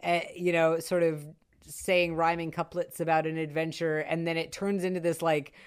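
Chatty woman with a smooth voice. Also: sits low, moderate pace. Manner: chatty, animated, many fillers and asides. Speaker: podcast co-host discussing a film. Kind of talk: casual chat.

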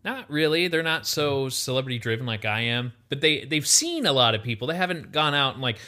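Brisk and medium-pitched, a young man co-hosts a casual podcast conversation. He brings his stories to life and acts out the lines others spoke.

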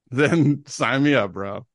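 A man's voice: medium pitch, slow, dry recording, studio quality. A young man co-hosting a podcast, chatting casually, joking and giving firm opinions. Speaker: podcast co-host. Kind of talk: casual chat.

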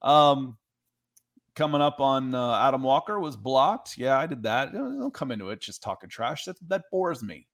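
A man's voice: mid-range voice, big pitch swings, normal speed, fairly bright tone. Chatty man hosting a sports podcast. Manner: chatty, reads viewer comments aloud. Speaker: podcast host. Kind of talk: casual sports talk.

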